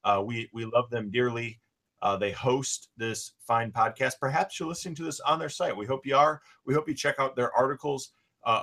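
A man co-hosting a casual podcast, with an average-pitched voice. He rambles along in a relaxed way and leans on fillers between thoughts. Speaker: podcast co-host. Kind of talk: casual chat. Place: Michigan.

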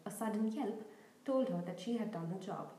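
Woman reading a story, mellow voice. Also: medium pitch, moderate pace, roomy sound, rough recording. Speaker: audiobook podcast host. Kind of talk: audiobook narration.

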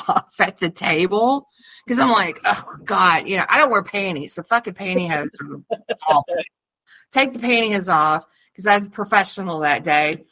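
A woman's voice: medium pitch, pushed and bright. A woman co-hosting a podcast, telling candid, profane stories in casual chat and laughing often. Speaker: podcast co-host.

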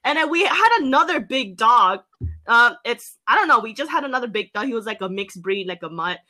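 In a brisk, casual chat, a young woman from an island spins a lively, filler-filled story, leaping up into high-pitched quoted voices.

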